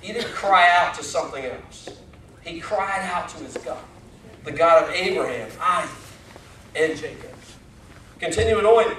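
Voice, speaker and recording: Male pastor, high voice, chatty sermon style, echoey sanctuary recording. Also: animated, measured pace, long pauses, a bit bright, slight background noise. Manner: conversational, folksy, with rising emphatic questions. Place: church sanctuary. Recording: echoey church from far off.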